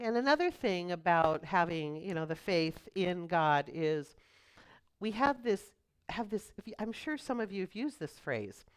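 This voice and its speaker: Middle-aged lady minister, smooth clear voice, easygoing sermon with little jokes. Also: on the low side, lively intonation. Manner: chatty, storytelling, quick asides. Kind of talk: conversational sermon.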